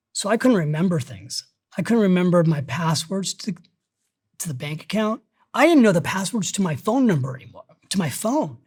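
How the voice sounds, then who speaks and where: A middle-aged man, a guest on a podcast interview, who talks about money in an emphatic, energetic way and tells stories as he goes. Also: sits high, dry recording, clean studio sound. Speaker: guest, financial author.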